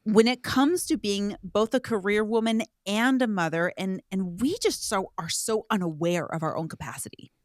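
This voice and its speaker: A woman's voice: mid-range voice, normal speed, hardly any pauses, dry recording, studio quality. Effusive woman podcast host. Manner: effusive, reflective, thinks aloud. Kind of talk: conversational interview.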